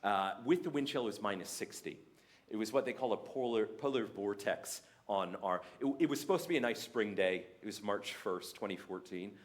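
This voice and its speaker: A young Canadian man with a Canadian accent, giving a humorous, animated talk at a church faith day. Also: on the low side, brisk. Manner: animated, jokey, mimics other voices. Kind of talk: sermon-style talk with humour.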